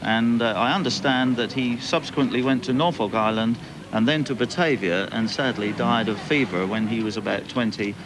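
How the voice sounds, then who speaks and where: A man interviewed on location explains an old letter in a measured, informative way. His voice sits in the middle range. Outdoor noise is clearly heard behind him. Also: medium pitch. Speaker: interview guest. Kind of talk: explaining and reading out a historic letter.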